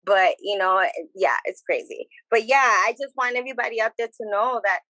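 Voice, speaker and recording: Lively bilingual woman, bright voice. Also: on the high side, brisk, dry recording, low-quality recording. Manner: animated, switches between English and Spanish, repeats phrases. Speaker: podcast guest. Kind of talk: casual chat.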